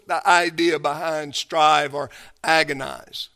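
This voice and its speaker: Emphatic, bright-voiced male preacher. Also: sits high, unhurried. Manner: emphatic preaching, with hushed passages; repeats words and restarts often. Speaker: pastor. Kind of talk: sermon.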